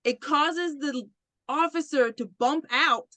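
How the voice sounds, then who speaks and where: A woman's voice: high voice, takes it slowly, a bit bright, no room sound. A woman hosting a podcast, animatedly retelling a movie plot with swearing and laughter, acting out the characters. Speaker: podcast host. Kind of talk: casual movie recap chat.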